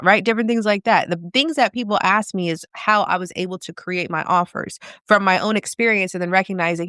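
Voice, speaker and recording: A woman's voice: mid-range voice, fairly quick, hardly any pauses, bright, forceful tone, no room sound, clean studio sound. A woman business coach talking casually and directly in a live video, asking her viewers many questions.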